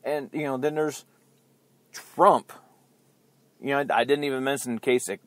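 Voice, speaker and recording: A man's voice: medium pitch, steady tone, measured pace, pauses often, no room sound. A man hosting his own podcast with a rambling political rant, chatty and sarcastic, often laughing at his own jokes. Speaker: podcast host. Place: outdoors near beeping buses.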